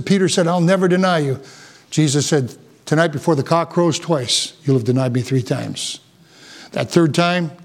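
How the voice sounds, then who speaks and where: Impassioned preacher man, high-pitched. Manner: impassioned preaching, rising to high emphatic peaks. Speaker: pastor. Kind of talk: sermon.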